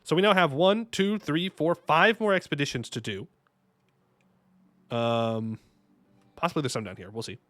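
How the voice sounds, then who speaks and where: A man streaming a strategy game, commenting casually and excitably, talking to himself and his chat with jokey asides. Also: a little high, normal speed, pauses often, no room sound. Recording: faint music behind the voice.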